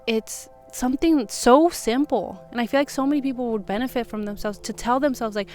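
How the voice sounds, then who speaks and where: A young woman in a casual vlog, talking gently and reflectively about kindness to herself, with soothing asides. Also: on the high side, brisk, hardly any pauses, soft background music. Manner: gentle, reflective, soothing when quoting self-talk. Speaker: vlogger. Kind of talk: casual self-help talk to camera.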